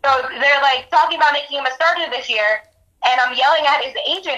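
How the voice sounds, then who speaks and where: A woman with a high, bright voice tells a rambling story in casual sports chat. She is animated and swears freely as she goes. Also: fast talker, low-quality recording. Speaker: podcast co-host.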